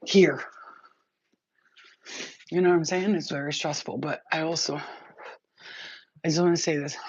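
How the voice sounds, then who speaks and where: Here a woman with a deep voice vents at her audience, swearing and wandering from point to point in her vlog. She's a spiritual vlogger, captured on a dull, dry lo-fi recording with no room sound.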